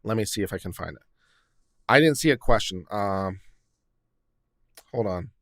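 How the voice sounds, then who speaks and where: A fairly low-pitched man talks through a casual livestream reaction as its host, a lawyer who circles his points with fillers, restarts and "you know". His voice sits close and dry on the mic, with no room sound around it. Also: expressive, normal speed, no room sound. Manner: conversational, hedging, many fillers and restarts.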